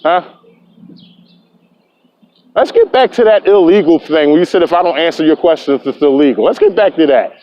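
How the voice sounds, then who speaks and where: A man's voice: a little high, animated, normal speed, pauses often. A man filming police on a city street, taunting and lecturing them in a confrontational argument. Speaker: camera-carrying activist filming police. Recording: muffled lo-fi street recording.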